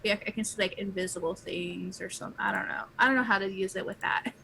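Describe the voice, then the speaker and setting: A woman's voice: mid-range voice, fairly quick, creaky, fairly bright tone, slight background noise, poor audio. A woman playing a tabletop role-playing game, talking hesitantly with many fillers and restarts. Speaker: player. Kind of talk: tabletop role-play, in and out of character.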